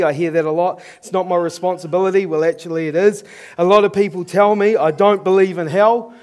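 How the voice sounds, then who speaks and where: High-voiced New Zealand preacher. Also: male voice. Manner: earnest, chuckles at his own stories. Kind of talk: storytelling sermon.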